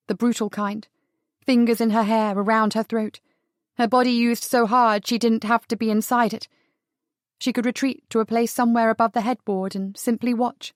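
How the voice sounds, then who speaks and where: A woman reads an audiobook in a fairly high voice, with an even, intimate delivery. The sound is dry and close, with no room echo. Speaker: audiobook narrator. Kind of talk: scripted narration.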